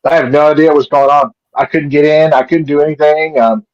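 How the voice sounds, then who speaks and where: A man with a fairly high voice sounds flustered and apologetic as he runs a live stream. His audio is dull and lo-fi, and the sound is dry with no room around it. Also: fairly even intonation, fairly quick, dry recording. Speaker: stream producer. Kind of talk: casual live-stream chat.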